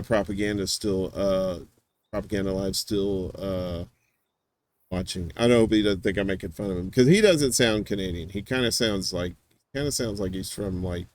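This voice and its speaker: A man's voice: low voice, normal speed. A man hosting a show, chatting casually in a rambling, teasing way with lots of fillers and restarts. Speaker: podcast host. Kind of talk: casual chat.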